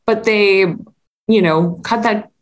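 Slow-talking relaxed woman podcaster. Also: medium pitch. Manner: relaxed, chatty, laughs easily. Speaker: podcast co-host. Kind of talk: casual chat recapping a TV episode.

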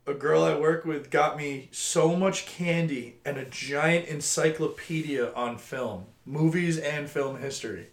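A young man co-hosting a casual podcast, an animated storyteller who swears freely. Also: fairly high pitch, unhurried, hardly any pauses. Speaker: podcast co-host. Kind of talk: casual chat. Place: home cellar. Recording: echoey cellar room.

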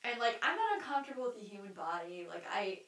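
This solo podcast host, a young adult woman, talks fast and very animatedly in a mid-range, fairly bright voice. Her stream-of-consciousness monologue is candid and rambling, laced with fillers, restarts and casual swearing, and the distant mic makes it sound roomy.

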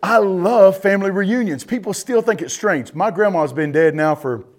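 A man, a pastor, preaching a sermon, often calling out to the congregation and swinging between loud emphatic passages and quiet, low asides. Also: normal speed. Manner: preaching with emphatic rises and drops, addressing the congregation directly.

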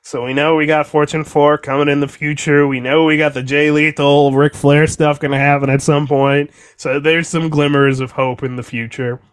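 A young man co-hosting a podcast, recapping wrestling in a profane, exasperated, animated rant. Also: fairly high pitch, normal speed, few pauses, clear, resonant tone. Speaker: podcast co-host. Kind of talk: casual wrestling recap chat.

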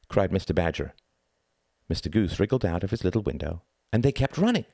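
Deep-voiced man narrating an audiobook. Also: no echo, studio quality. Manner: measured, expressive reading.

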